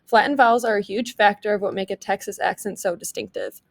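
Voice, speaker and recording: A woman's voice: mid-range voice, quick pace, vocal fry. A young woman, reading a prepared class presentation evenly. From American Midwest. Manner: reads prepared text evenly. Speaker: student presenter.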